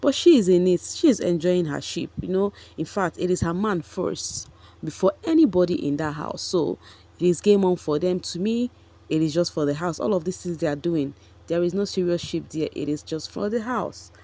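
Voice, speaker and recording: A woman's voice: fairly low pitch, lively intonation, normal speed, warm tone. A woman, gossiping chattily about a reality show for her vlog viewers, with frequent asides to them. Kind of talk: casual commentary vlog.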